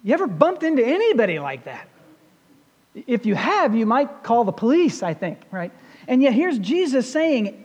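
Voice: medium pitch, big pitch swings, moderate pace, darkish tone, highs cut off. A pastor preaching a sermon, retelling a scripture story in a conversational way and putting rhetorical questions to the congregation. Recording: long reverb of a large hall.

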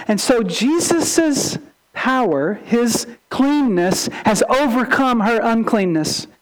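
High-voiced man preaching a sermon. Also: slow pace, low-quality recording. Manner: animated, acts out quotes, rhetorical questions. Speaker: pastor.

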